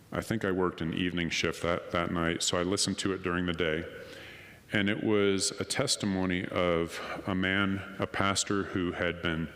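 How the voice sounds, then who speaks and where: Deep-voiced man telling his testimony. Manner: animated storyteller acting out dialogue. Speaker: conference speaker. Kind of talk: personal testimony. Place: conference hall. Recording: long hall reverb.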